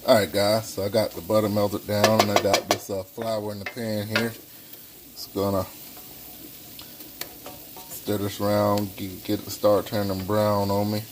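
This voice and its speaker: A man giving a casual home cooking tutorial in a relaxed, folksy way, talking through each step at the stove. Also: lowish voice, unhurried, long pauses, noisy background. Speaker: home cook. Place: home kitchen, stove sizzling behind.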